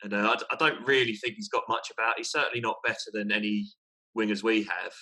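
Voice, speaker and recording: A man's voice: on the low side, fairly even intonation, fast, sharp tone. A young man co-hosting a casual football chat, hesitant, repeating his words and laughing at himself. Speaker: podcast co-host.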